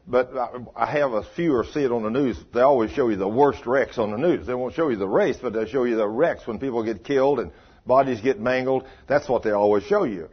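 An older man preaching a sermon, telling folksy stories and swinging between loud declarations and hushed asides. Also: mid-range voice, slightly rough, highs cut off.

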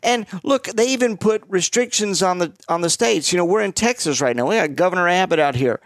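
A man's voice: high voice, lively intonation, brisk, dry recording, studio quality. A man from Florida hosting a casual political chat, opinionated and emphatic, often repeating words. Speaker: podcast host.

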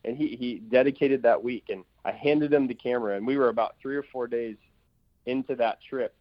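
A man's voice: medium pitch, dry recording, dull audio. A man, an evangelist, telling testimony stories in an interview with emphatic energy and many fillers. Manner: emphatic, rapid-fire storytelling with fillers. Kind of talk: testimony in a talk-show interview.

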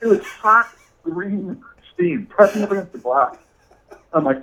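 A man's voice: sits high, big pitch swings, a little slow, gravelly, bright, forceful tone, low-quality recording. A man telling a funny story in casual chat, laughing often and saying "dude" a lot. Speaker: podcast guest.

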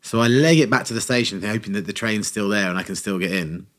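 A man co-hosting a podcast, telling a funny story in a casual, animated way and acting out quotes. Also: fairly low pitch, quick pace. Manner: animated anecdote teller, acts out quotes.

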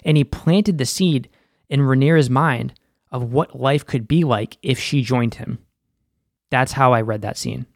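A man's voice: mid-range voice, unhurried, gravelly, no room sound, clean studio sound. A young man giving a casual, profane breakdown of a TV episode, full of filler words. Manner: laid-back and profane, full of "like". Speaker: film and TV recap host.

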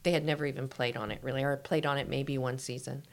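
A middle-aged woman from Missouri, a guest author telling a story in an interview with lively, laughing delivery. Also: very deep voice, fast talker, creaky. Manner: animated, laughing storyteller acting out quotes.

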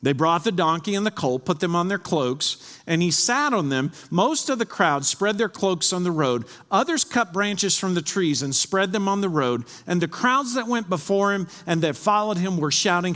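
Pastor, male, lively fairly high voice, earnest sermon delivery, long hall reverb. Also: moderate pace. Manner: earnest preaching, reads scripture aloud.

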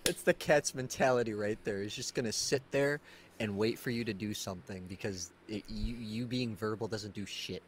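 Give me a low-voiced man in casual stream chat, joking and restarting his words. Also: moderate pace, slight background noise. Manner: laughs often, repeats words, joking. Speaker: stream co-host.

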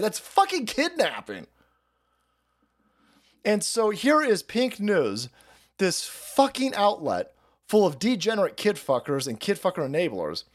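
A foul-mouthed male livestream host rants in a sarcastic, combative tone. His voice sits a little high for a man and swings widely in pitch as he jumps from point to point. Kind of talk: ranting commentary.

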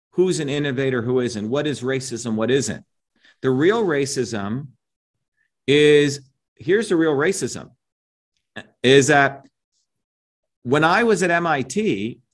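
Emphatic lecturing middle-aged man. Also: medium pitch. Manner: emphatic, lecturing, frequent "right?" and "you see?". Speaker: interview guest, inventor. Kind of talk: animated opinionated interview talk.

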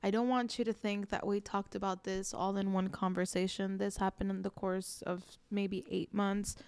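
A woman in her twenties, a podcast host, tells a personal story in an earnest, reflective way, peppered with "like" and "you know." Her medium-pitched voice is level, smooth, and a little mellow at a moderate pace. The recording is dry.

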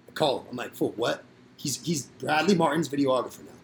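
A man's voice: mid-range voice, expressive, quick pace, slight background noise. A young man telling rowdy, profane stories in a casual podcast chat, acting out what others said. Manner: rowdy, profane storytelling with acted-out quotes. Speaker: podcast guest storyteller.

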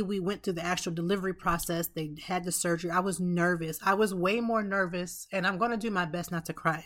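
A woman's voice: fairly low pitch, fairly bright tone. A woman in her thirties, a podcast host, telling an emotional personal story in an earnest way, with restarts and asides.

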